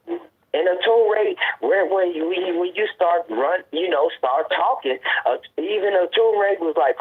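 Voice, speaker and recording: Insistent husky man on a phone line. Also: fairly high pitch, expressive, unhurried. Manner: insistent, repeats himself, cuts in with "wait a minute". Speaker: conference call moderator. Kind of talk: heated argument on a group phone call.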